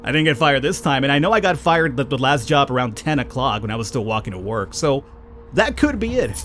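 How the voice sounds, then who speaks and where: A man with a low voice giving rambling, casual commentary on a game he is playing, and chatting to the characters on screen. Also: sing-song, brisk, a bit bright, faint music behind. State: panicked, high and urgent. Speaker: let's play gamer.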